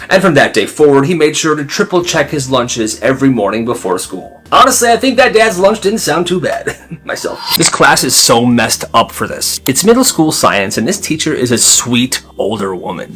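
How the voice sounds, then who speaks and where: Animated, dramatic storytelling man. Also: a little high, breathy edge. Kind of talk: storytime narration.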